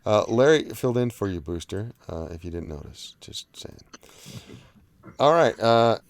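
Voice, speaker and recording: A man's voice: fairly low pitch, animated, normal speed. A man hosting a live online panel in casual chat, rambling with fillers and easy laughs. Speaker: livestream host.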